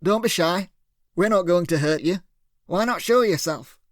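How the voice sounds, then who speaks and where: A man's voice: high-pitched, normal speed, dry recording, studio quality, natural voice. Man voicing Dickman, a coaxing villain boss. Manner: smooth, patronizing, calls others lad and son.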